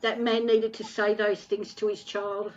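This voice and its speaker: A woman giving a psychic reading on a video call, halting and emotional, with many fillers. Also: mid-range voice, flat delivery, a loud crowd. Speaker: psychic reader. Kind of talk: live stream psychic reading. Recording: muffled lo-fi stream audio.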